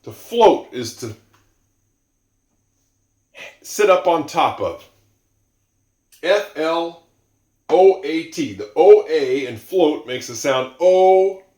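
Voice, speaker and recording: A man teaching English to learners, going slowly and repeating example sentences, with musing asides. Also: fairly high pitch, expressive, mellow, echoey room.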